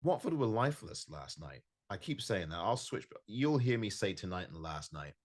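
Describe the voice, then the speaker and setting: A man with a low voice hosts his own football podcast from home. He sounds frustrated and emphatic, hammering points by repeating them. His pitch rises and falls widely as he talks. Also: very animated, normal speed. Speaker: podcast host. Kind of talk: solo podcast match review. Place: home recording in California.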